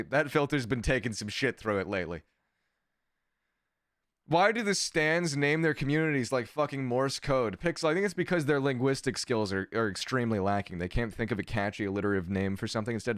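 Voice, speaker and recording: A man streamer gives casual livestream commentary, sarcastic and swearing often as he reads chat aloud. His voice is medium-pitched and a bit bright, with a clean, echo-free, studio-quality sound.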